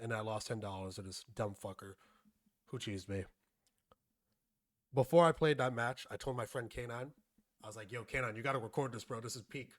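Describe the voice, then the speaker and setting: A young man casually telling a rambling, profane story and acting out his friends' lines. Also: medium pitch.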